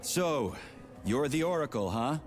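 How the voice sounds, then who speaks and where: Actor as a dry wisecracking army major, lively delivery, game voice. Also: male voice, mid-range voice, a little slow, soft background music, lightly acted. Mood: sardonic. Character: sarcastic weary male soldier, a major.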